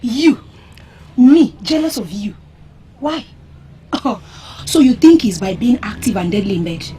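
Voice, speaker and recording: An actress with a Nigerian accent playing a sharp-tongued young village woman in a Nollywood royal drama, scolding and mocking loudly. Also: on the high side, expressive, unhurried, breathy edge, full character voice. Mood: angry scolding. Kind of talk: Nollywood film acting.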